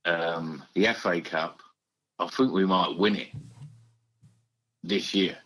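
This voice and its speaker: A man's voice: deep voice, fairly even intonation, slow, a bit bright, low-quality recording. A man calling a fan phone-in, easygoing and giving brief answers. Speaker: caller. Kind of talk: casual phone call.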